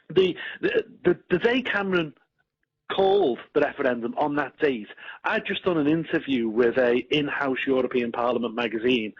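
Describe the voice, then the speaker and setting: A combative, quick-talking man with a Scouse accent holds forth as a guest on live radio, a touch giddy and husky. His voice is dry and muffled, like it is coming down a phone line into the studio. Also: medium pitch, no room sound. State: giddy, a bit delirious. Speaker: political guest.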